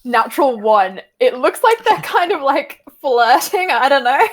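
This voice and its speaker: A woman playing a tabletop game, excitable and giggly. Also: high-pitched, unhurried. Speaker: player. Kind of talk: casual tabletop play.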